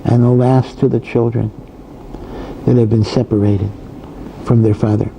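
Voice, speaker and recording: A male rabbi teaches in a very dark, mellow voice, talking casually with frequent asides and restarts. There is a faint hiss behind him. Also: mid-range voice, little pitch movement, moderate pace, vocal fry, low-quality recording. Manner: conversational, many asides and repetitions. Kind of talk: Torah lecture.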